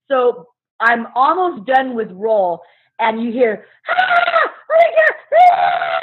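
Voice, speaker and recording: A woman who works as a substitute teacher, telling a story in casual chat, animated and swearing freely while acting out what people said. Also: a little high, breathy edge. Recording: muffled phone-like sound.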